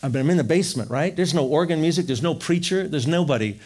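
Male speaker, middle-aged, animated storyteller, slightly higher voice, shares a personal faith testimony. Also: quick pace. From Wisconsin.

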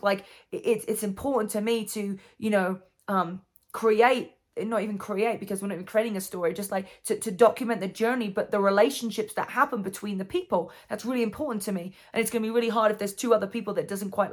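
A woman telling a personal story in a casual monologue, rambling with lots of fillers and restarts. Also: medium pitch. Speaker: vlogger and coach.

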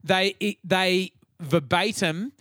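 A middle-aged Australian man hosting a podcast, telling stories in a casual, profane, animated way. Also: high-pitched, takes it slowly, dry recording, clean studio sound. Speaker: podcast host. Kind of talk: casual chat.

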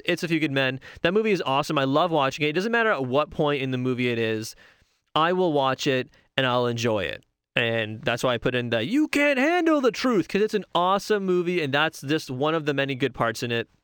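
A man's voice: fairly high pitch, fairly bright tone, clear, resonant tone, no echo, studio quality. A young man chatting casually and enthusiastically on his own, rambling and correcting himself as he goes. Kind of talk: casual solo talk about favorite movies.

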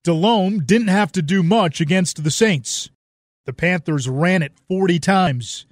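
A man narrating a sports documentary in a measured, scripted way. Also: high-pitched, no room sound, studio quality, soft background music.

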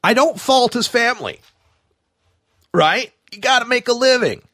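A man hosting a talk radio show, delivering an animated, sarcastic monologue with plenty of fillers and asides. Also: very high voice, measured pace, no echo, studio quality.

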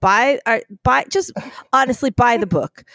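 A woman's voice: a little high, measured pace, no echo, studio quality. A woman co-hosting a podcast from her living room over a remote call, talking wryly with a swollen lip and laughing often. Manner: wry, animated, laughing often. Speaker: podcast co-host. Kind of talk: casual chat.

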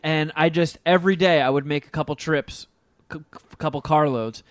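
A man's voice: fairly high pitch, fairly even intonation, moderate pace, dry recording, studio quality. A man co-hosting a podcast, telling rambling, profane stories in a casual chat.

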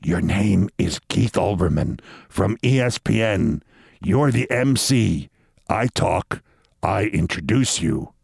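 A confused, forgetful mayor , as a man puts him on mumbles in short, repeated bits, the voice dropping low and then jumping high in bewilderment. The sound is dry and close, with no room around it. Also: lively intonation, vocal fry, darkish tone, breathy edge, dry recording, full character voice. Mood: muttering. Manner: halting, mumbled, repeating himself. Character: befuddled forgetful middle-aged male mayor.

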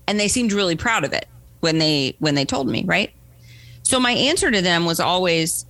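A woman speaks as a podcast guest, recounting a story with an animated voice that leaps up and down. She acts out the people she quotes and keeps checking in with her listener. The sound is close and dry. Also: medium pitch, moderate pace, no echo. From United States. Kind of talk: conversational storytelling.

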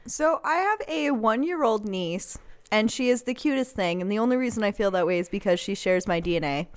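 A woman's voice: medium pitch, animated, brisk, clean tone. A young adult woman co-hosting a casual podcast chat, giggling often as she tells stories about family and pets. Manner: giggly, chatty storyteller. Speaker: podcast co-host.

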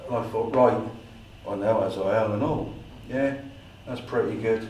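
Animated man telling a story in an echoey room. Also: fairly low pitch, moderate pace, distant mic, slight background noise. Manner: animated storyteller acting out his own dialogue. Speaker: paranormal investigator giving a talk. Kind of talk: storytelling talk to a society meeting. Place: meeting room.

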